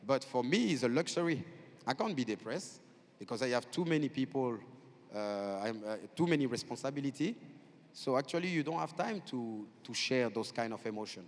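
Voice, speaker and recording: A man with a French accent chats on a festival stage, spinning animated stories in halting, restarting phrases. His voice sits in a middle register. The sound carries a long reverb from the hall. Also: mid-range voice. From France. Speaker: festival guest. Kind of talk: on-stage conversation.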